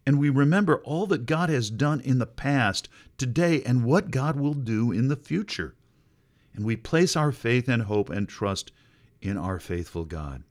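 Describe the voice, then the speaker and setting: A middle-aged male pastor preaching a sermon, expressive and wry, with sudden jumps in pitch for emphasis. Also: measured pace.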